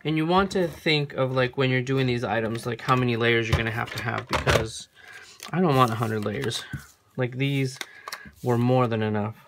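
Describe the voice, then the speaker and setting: Gravelly-voiced crafter, chatty and self-correcting. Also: medium pitch, fairly even intonation, moderate pace, a little hiss or hum. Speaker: craft tutorial host. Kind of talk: casual hands-on craft demo. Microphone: camera framing a work surface.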